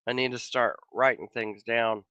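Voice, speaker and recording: A man with a bright, sharp-edged voice, slightly hoarse as if he is losing it, chats casually with his livestream viewers. He rambles easygoingly and circles back on his own sentences. The sound is dry and a little dull, like a modest home setup. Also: medium pitch, fairly even intonation, normal speed, no room sound. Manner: rambling, easygoing, with frequent trailing restarts. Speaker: livestream host. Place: home office.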